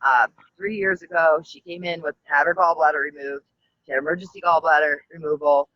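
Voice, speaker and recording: A woman telling a rambling personal story as a talk show guest, halting often with fillers and restarts. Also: low-pitched, steady tone, no room sound. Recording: dull, dry lo-fi audio.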